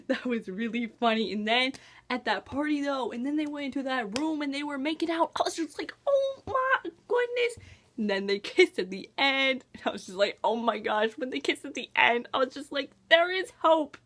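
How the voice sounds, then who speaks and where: High-voiced, gushing young woman. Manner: gushing, excitable, gasps and quick pitch jumps. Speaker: book vlogger. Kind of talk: casual book review chat.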